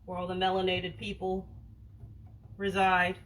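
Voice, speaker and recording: Her delivery is completely flat, her voice low-leaning, and her pace measured, while a noisy background runs behind her. She's a woman from Boston, USA, hosting a wellness livestream, and she answers viewer comments in a frank, slangy way, with lots of "like" and the occasional swear. She has a Boston accent without the stereotypical broad vowels.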